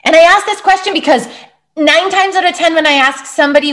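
A woman's voice: very high-pitched, a little fast, fairly bright tone. A woman hosting a podcast, chatting casually and filling her speech with words like "like". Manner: chatty, lots of fillers like "like". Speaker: podcast host. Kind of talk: casual chat.

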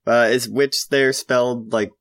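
A woman's voice: very deep voice, steady tone, measured pace. A woman co-hosting a podcast, dropping wry, sarcastic asides in casual chat. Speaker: podcast co-host.

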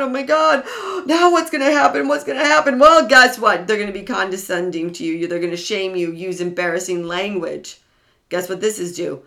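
A woman talking straight at her listener in an emphatic, explanatory way. She keeps throwing out rhetorical questions and answering them herself, with animated swings in emphasis. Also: mid-range voice.

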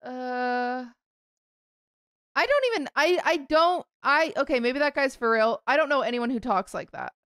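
A woman's voice: high voice, lively intonation, unhurried, fairly bright tone, no room sound, studio quality. A young woman co-hosting a podcast in casual chat, giggly and rambling, tripping over her words. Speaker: podcast co-host.

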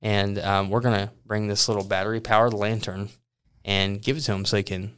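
Smooth-voiced man telling a funny story. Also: on the low side, fairly quick. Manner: animated, self-deprecating, laughs often. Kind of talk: casual storytelling.

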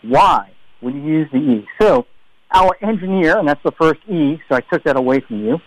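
A male radio show host talking loud, teasing and joking with his co-hosts. His voice sits a little high. The sound is dry and close. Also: animated, moderate pace, no echo, rough recording. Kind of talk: playful radio show banter.

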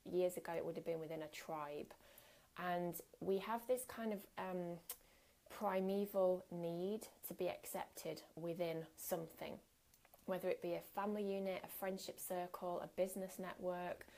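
A woman's voice: fairly low pitch, steady tone, normal speed, mellow. A woman giving a candid, earnest workshop talk as a coach, speaking conversationally with occasional fillers.

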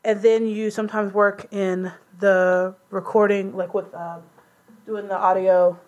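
A woman's voice: medium pitch, flat delivery, measured pace, dull audio. A young woman hosting a casual chat, loose and conversational with many fillers.

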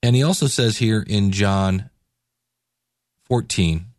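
A man's voice: on the low side, takes it slowly, a little mellow, no room sound, studio quality. A man hosting a podcast, giving a casual devotional talk in a laid-back, conversational way with slangy asides. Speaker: podcast host.

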